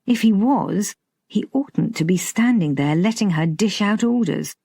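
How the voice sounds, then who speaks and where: A woman narrating a romantic comedy audiobook in a measured, lightly expressive way. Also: medium pitch, creaky, husky, no room sound, studio quality. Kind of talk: scripted narration.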